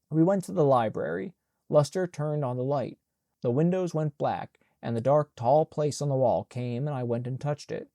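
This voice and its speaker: A man narrating an audiobook in a measured, plain and even manner. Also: mid-range voice, vocal fry, no room sound, studio quality. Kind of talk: scripted narration.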